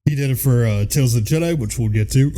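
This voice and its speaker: A man's voice: medium pitch, fast talker, mellow. A man with a Midwestern American accent, co-hosting a casual podcast chat, rambling and enthusiastic with lots of fillers. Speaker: podcast co-host.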